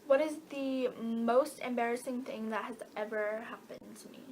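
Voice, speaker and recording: A woman's voice: on the high side, normal speed, a little mellow, a little hiss or hum. A teenage girl answering Q&A questions in a casual, rambling way with many fillers and giggles. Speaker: vlogger. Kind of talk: casual Q&A chat.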